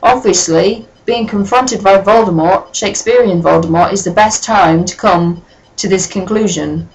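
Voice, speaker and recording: A woman's voice: mid-range voice, normal speed, slight background noise, poor audio. Sarcastic woman mocking a fanfic. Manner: sarcastic, sweary, deadpan asides. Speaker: reader and commentator. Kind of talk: comedic dramatic reading with commentary.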